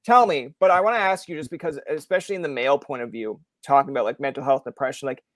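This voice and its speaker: A young man hosting a podcast interview, talking in a rambling, animated way with lots of fillers. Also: medium pitch, rapid-fire, no echo, clean studio sound. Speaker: podcast host. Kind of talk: casual interview chat.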